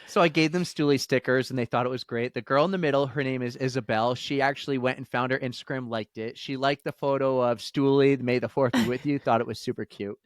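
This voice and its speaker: A man's voice: mid-range voice, quick pace, hardly any pauses, no echo, clean studio sound. A man co-hosting a podcast, telling a long story in a casual chat and acting out the voices of the people in it. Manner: animated storyteller, acts out quoted voices. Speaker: podcast co-host.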